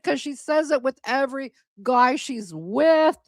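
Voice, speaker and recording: A woman's voice: sits high, animated, unhurried, few pauses, bright, forceful tone, dry recording. A woman in her forties hosting a casual live stream, chatty and blunt, scornful as she reads viewer comments aloud. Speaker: host.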